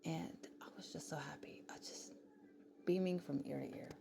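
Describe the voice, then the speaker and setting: A woman's voice: fairly even intonation, moderate pace, mellow. A woman vlogging in a casual, rambling way, often dropping to a whisper. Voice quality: gravelly, low voice. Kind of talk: casual late-night vlog chat. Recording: clear background noise.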